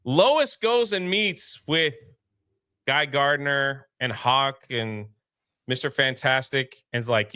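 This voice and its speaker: Lively bright-voiced man recapping a movie. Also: medium pitch, slow, dry recording, studio quality. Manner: animated plot recapping, acting out characters' lines. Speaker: movie review co-host. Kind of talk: casual live movie review chat.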